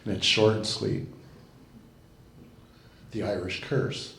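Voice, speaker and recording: A man's voice: lowish voice, fairly even intonation, slow pace, a bit bright. A middle-aged man chatting casually with fillers before reciting a short verse at a poetry salon. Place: lounge bar, indoors. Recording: echoey room.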